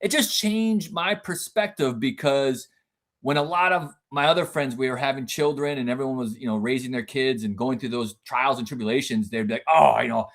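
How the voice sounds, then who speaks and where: A man who is a guest in a casual podcast interview and speaks in an earnest, reflective way with expressive emphasis. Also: mid-range voice, brisk.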